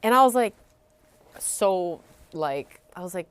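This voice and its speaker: Candid, animated woman guest. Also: lowish voice, measured pace, smooth, dry recording. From Vancouver, Canada. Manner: candid, animated storyteller with frequent profanity. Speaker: podcast guest. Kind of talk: casual chat.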